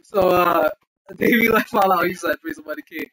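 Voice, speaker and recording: A man's voice: high-pitched, moderate pace, sharp tone, rough recording. A man hosting a casual gaming livestream, reading chat aloud, laughing often and blessing viewers in churchy phrases.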